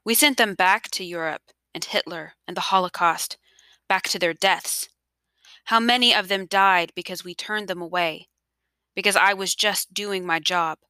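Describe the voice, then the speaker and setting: A woman voicing an elderly grandfather, earnest and pleading about the past, then quietly resolute, in a storybook reading. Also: on the low side, moderate pace, dry recording. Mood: remorseful. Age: over 60. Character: remorseful elderly grandfather, former official, now resolved.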